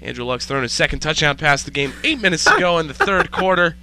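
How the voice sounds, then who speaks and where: A man putting on a male TV football play-by-play announcer, with a slow, booming broadcast delivery. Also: big pitch swings, bright, forceful tone, slight background noise, exaggerated voice.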